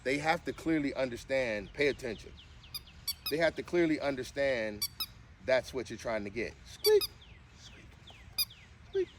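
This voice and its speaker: A man speaks at normal speed against background noise as he trains his service dog for a casual vlog. Chatty explanations sit between firm short commands and high, sing-song cues.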